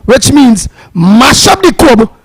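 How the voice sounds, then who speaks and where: A man's voice: extremely high pitch, big pitch swings, slow, breathy edge, dry recording, poor audio. A man with a Trinidadian accent hosting a call-in radio show, emphatic and fiery, repeating words and slipping into a sing-song. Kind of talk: animated call-in radio talk.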